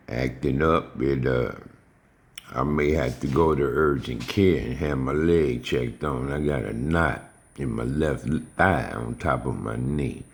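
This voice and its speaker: A man's voice: very deep voice, vocal fry. A man giving a rambling, casual monologue in streetwise slang. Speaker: vlogger. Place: home in suburban Houston.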